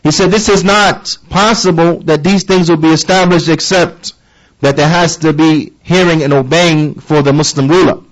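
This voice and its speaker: A man with a fairly high voice preaches an earnest lesson. He stresses his points by repeating them and checks in with his listeners through quick rhetorical questions. His speech has a flavor. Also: fairly even intonation, low-quality recording. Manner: emphatic, repeats key phrases, asks listeners rhetorical questions. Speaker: religious teacher. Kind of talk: lecture-style sermon.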